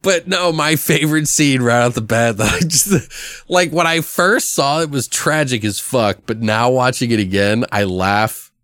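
A man in casual podcast chat, cursing freely and acting out lines from a film. His voice sits at an average pitch and is recorded dry and close, with no room sound. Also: unhurried, a bit bright, clear, resonant tone, no echo. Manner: profane, laughs often, acts out quotes. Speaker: podcast host. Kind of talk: casual movie discussion.

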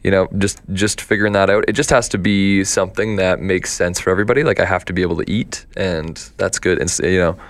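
Man, young, deep voice, casual interview guest, rambling with fillers, dry close sound. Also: steady tone, fast talker, hardly any pauses, no echo. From Canada. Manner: chatty storyteller with many fillers and restarts. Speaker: guest, country singer and doctor.

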